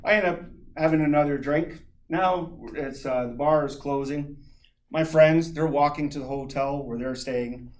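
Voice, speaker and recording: Male storyteller, fairly high voice, animated and chuckling, does sound effects. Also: moderate pace. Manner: lively, chuckling, imitates sounds. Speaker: club speaker. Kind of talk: humorous personal storytelling speech.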